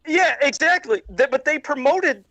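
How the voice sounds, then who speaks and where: A man's voice: very high-pitched, lively intonation, moderate pace, sharp tone, no room sound, highs cut off. Profane ranting man on a video call. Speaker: podcast co-host. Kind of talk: ranting casual chat.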